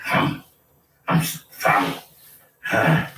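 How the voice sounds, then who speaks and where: A man's voice: takes it slowly, sharp tone. An older man, delivering a rambling, preachy and threatening monologue. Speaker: self-proclaimed prophet. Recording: roomy, distant mic with faint noise.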